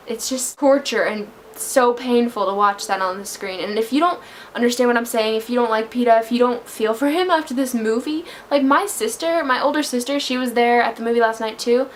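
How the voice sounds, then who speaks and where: A young woman, a book vlogger, gives a casual movie review in a slightly high voice at a slightly fast pace, gushing and emotional. She breaks into laughter and at times sounds close to tears. There's a little hiss or hum on the recording.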